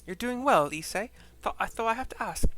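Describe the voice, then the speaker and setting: A man putting on a brisk valley-girl heroine. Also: very high-pitched, animated, sharp tone, soft background music, pitched above the performer's own voice, exaggerated voice. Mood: earnest.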